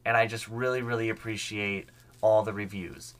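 A man's voice: lowish voice, level tone, normal speed. A young man hosting a solo history podcast, talking casually and enthusiastically. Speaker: podcast host.

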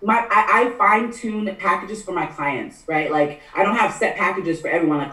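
A woman working as a matchmaker, talking candidly as a podcast guest and acting out her clients in quick asides. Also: on the low side, a bit bright, reverberant, distant mic, rough recording. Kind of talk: casual podcast interview.

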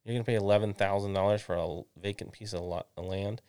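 A man's voice: lowish voice, steady tone, fast talker, darkish tone, clear, resonant tone, dry recording, clean studio sound, lightly acted. A man imitating his stubborn, dismissive older father in a raised, exasperated voice. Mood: incredulous.

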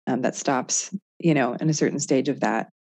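A woman's voice: extremely low pitch, normal speed, a little mellow, slightly rough, no echo. A woman, likely in her thirties, co-hosting a podcast and talking things through reflectively with many fillers. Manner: reflective, thinks aloud with frequent fillers. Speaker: podcast co-host. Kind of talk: casual conversation.

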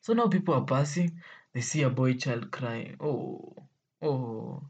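Speaking in an unhurried, slightly mellow medium-pitched voice with a breathy edge, this vlogger with a Kenyan accent spins casual stories for viewers over dull audio. The delivery is playful and full of exclamations and laughter, with English blended with Swahili slang.

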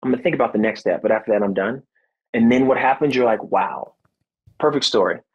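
Earnest husky-voiced man telling a story. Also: medium pitch, fast talker, lo-fi sound. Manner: earnest, animated storytelling with acted-out quotes; faith-centered, reflective. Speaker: guest, former football player and motivational speaker. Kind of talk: storytelling in a podcast interview.

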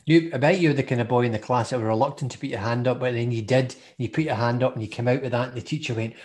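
A man's voice: medium pitch, fairly even intonation, fast, a little mellow. Chatty Scottish man co-hosting a podcast. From Scotland. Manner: jokey, chatty, laughs often. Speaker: podcast co-host. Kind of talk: casual podcast chat.

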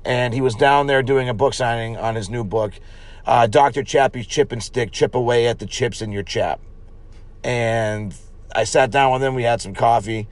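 A man co-hosting a comedy podcast, rambling and profane with a deadpan spin on silly fake products. His pitch sits right in the middle for a man. He talks loosely, trailing off and starting over. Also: normal speed. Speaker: podcast co-host. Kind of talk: improvised comedy podcast with mock ads.

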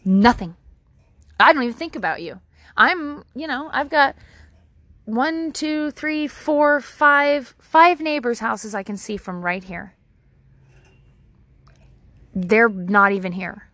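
A woman's voice: fairly high pitch, slow, pauses often, a bit bright, no echo. A woman talking straight to camera outdoors at her home, giving casual advice in a candid, rambling way and swearing freely. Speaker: vlogger.

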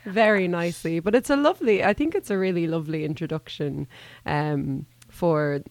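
A woman in a casual podcast chat, retelling a TV episode with lively acted-out quotes. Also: lowish voice, moderate pace, no room sound. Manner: animated storytelling, acting out quotes.

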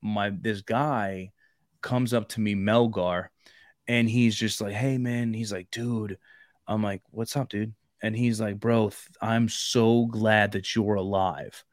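A man on a podcast, telling a long story in casual chat, rambling and full of fillers, growing loud when he acts out shouting. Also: lowish voice, steady tone, slow pace, no echo. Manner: rambling, repeats fillers like "like" and "bro". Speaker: podcast co-host.

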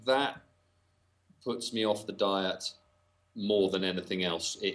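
A Northern English man speaks in a lowish voice as a podcast guest. He talks in halting runs, with fillers and false starts, and slips in dry jokes. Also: fairly bright tone. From Northern England. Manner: hesitant, many fillers and restarts, dry humor. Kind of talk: casual podcast chat.

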